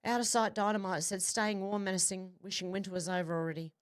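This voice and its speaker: A woman hosting a livestream, reading out her viewers' comments one after another. She answers them in a casual, chatty way, slipping in quick asides and opinions of her own. Her voice sits at an ordinary middle pitch. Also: steady tone. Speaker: livestream host.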